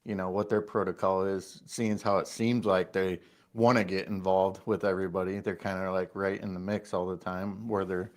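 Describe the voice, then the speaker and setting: A man in a casual panel discussion, musing in a calm, measured way. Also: low-pitched. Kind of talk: casual chat.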